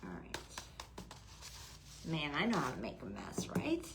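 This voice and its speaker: A woman hosting a live craft stream, chatting softly to viewers by name and gushing over the decorations. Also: sits low, huge pitch swings, unhurried, gravelly, very noisy. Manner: hushed, half-whispering. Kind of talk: casual live-stream chat.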